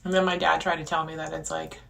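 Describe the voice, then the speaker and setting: A woman's voice: low voice, level tone, quick pace, gravelly, fairly bright tone. A woman hosting a podcast, talking in a frustrated, rambling monologue full of restarts. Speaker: podcast host. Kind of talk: casual venting monologue.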